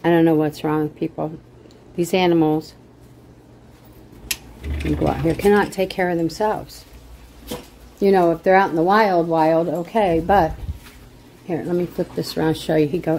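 A middle-aged woman talks to her phone camera at home in a low, mellow voice. She rambles in a casual, emotional way, turning indignant now and then, with a faint hiss behind her. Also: fairly even intonation, normal speed, long pauses, poor audio. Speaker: vlogger.

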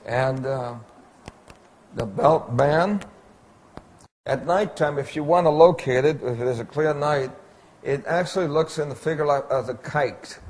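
A man giving an illustrated Bible lecture, pointing out details on slides in a slow, deliberate way. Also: mid-range voice, creaky, darkish tone. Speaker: Bible teacher.

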